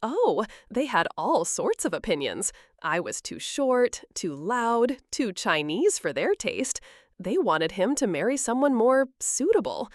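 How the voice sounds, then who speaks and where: A loving older grandmother talks gently but plainly, read by a woman narrator. Her voice moves up and down with lively expression. The sound is dry and close. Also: on the high side, measured pace, no echo. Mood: tender. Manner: gentle, reassuring, plain-spoken.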